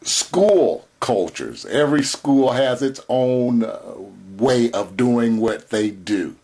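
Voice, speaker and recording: A man giving a recorded lecture in a slow, measured way, spelling out key terms. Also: medium pitch, expressive, darkish tone.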